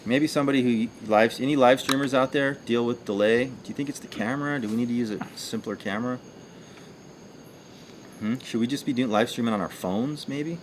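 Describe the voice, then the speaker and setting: A man's voice: medium pitch, brisk, a little hiss or hum. A man co-hosting a casual livestream, talking in a loose, rambling way full of fillers and jokes. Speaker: co-host of a livestream.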